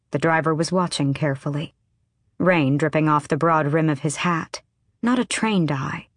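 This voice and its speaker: Female audiobook narrator, low voice, dry studio read. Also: no echo. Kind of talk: scripted narration.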